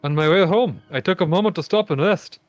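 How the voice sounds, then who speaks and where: A man's voice: fairly high pitch, brisk, dry recording, faint music behind, natural voice. A man voicing a modest, grateful fisherman from a village, as a fan reading of game dialogue on a dull home mic. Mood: earnest. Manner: friendly, modest.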